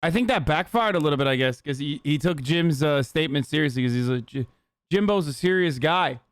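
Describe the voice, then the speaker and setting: Male streamer host, casual joking commentary, high-pitched, dry close sound. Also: fast, no room sound. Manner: joking, chatty.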